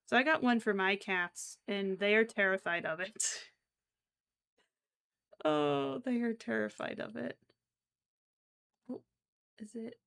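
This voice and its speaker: Young woman, unhurried speech, vocal fry, giggly, casual streaming chat. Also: on the high side, a bit bright. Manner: chatty, giggly, exclaims often. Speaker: crochet streamer. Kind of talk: casual chat while crocheting.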